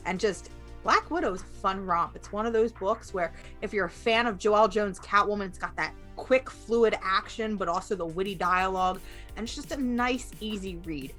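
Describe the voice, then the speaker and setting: Bright-voiced woman chatting about comics. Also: mid-range voice, normal speed, soft background music. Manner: enthusiastic, chatty. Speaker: guest. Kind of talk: casual comic book chat.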